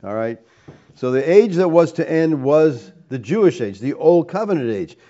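A man's voice: fairly high pitch, sing-song, moderate pace, warm tone, dull audio. A man preaching a teaching sermon, emphatic, firing rhetorical questions and tagging points with "all right?".

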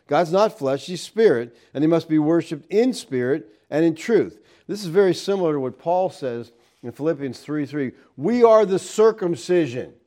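A man's voice: fairly high pitch, mellow. A man giving a verse-by-verse Bible teaching, explaining with rhetorical questions and stressing key points.

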